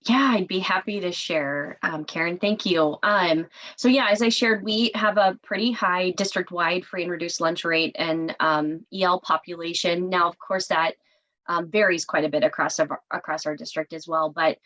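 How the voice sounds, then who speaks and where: A woman district administrator speaking earnestly on a video-call panel, with many pauses and fillers. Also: lowish voice, fairly even intonation, fairly bright tone, low-quality recording. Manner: earnest, many "um"s, gets emotional.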